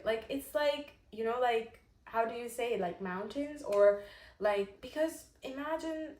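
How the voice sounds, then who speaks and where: Earnest woman vlogger in an echoey room. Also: mid-range voice. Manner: earnest, animated, with many fillers. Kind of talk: casual talk to camera.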